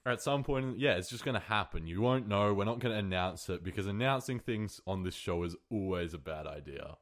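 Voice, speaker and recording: A man's voice: lowish voice, lively intonation. A man co-hosting a casual podcast, laughing often and reading out numbered facts. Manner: quick, laughing, reads numbered facts in a mock countdown voice. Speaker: podcast co-host.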